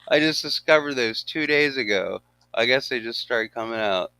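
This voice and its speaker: A man's voice: medium pitch, normal speed, clear, resonant tone, no echo, rough recording. An older man chatting casually on a livestream, telling stories with animation and frequent laughter. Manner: animated storyteller, laughs often. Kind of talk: casual chat.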